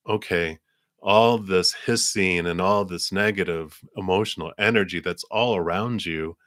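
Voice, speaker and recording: During a live tarot session, a man with a very deep voice speaks in a bright, forceful tone. His explanations are long, meandering, and packed with fillers, and the recording sounds close and dry.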